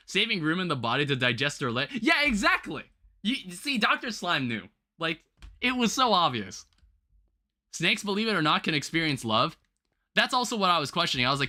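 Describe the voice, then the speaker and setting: High, lively young man ranting casually. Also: fairly quick. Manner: rambling, animated ranting with restarts and laughs. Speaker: livestream host. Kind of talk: casual livestream chat.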